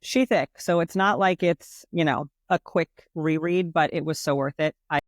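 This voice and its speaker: A woman with a New York accent, co-hosting a book podcast and reading a summary aloud in a steady, measured way. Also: deep voice, no room sound. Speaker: podcast co-host.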